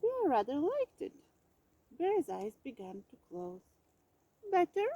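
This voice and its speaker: Storybook narrator, woman; unhurried, expressive, mellow, dry slightly dull recording. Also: high-pitched, husky, no echo. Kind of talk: storybook read-aloud.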